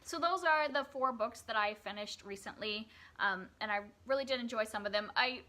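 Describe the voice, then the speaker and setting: Woman, young adult, casual book review, chatty, fillers and self-corrections, bright tone. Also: fairly high pitch, moderate pace.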